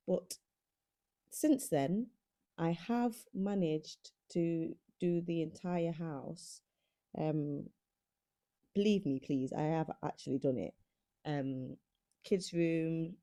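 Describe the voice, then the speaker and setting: A woman's voice: low-pitched, drawn-out words, long pauses, warm tone. A young woman vlogging to camera, a mum of three chatting casually and self-deprecatingly with lots of ums.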